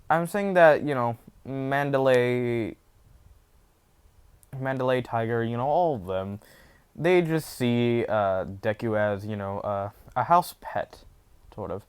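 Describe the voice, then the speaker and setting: A man's voice: medium pitch, clean tone. A man casually retelling a fan story off the cuff, rambling with many fillers and self-corrections.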